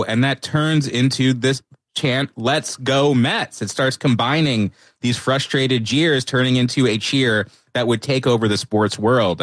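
A man, an author and guest, talking through his answers in a thoughtful, halting way with many restarts. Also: mid-range voice, no room sound. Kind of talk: conversational interview answers.

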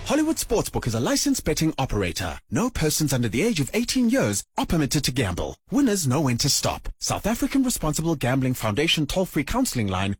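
A man reading an energetic sports advert voice-over in a punchy, sing-song promo delivery. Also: on the high side, a little fast, hardly any pauses, breathy edge, no room sound, clean studio sound. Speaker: ad voice-over announcer. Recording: voice-over with loud music bed.

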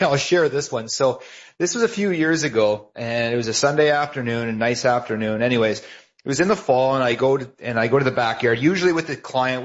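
Easygoing man on talk radio. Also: medium pitch. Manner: relaxed, meandering anecdote. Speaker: radio show co-host. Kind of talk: casual storytelling on radio. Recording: dull lo-fi radio broadcast.

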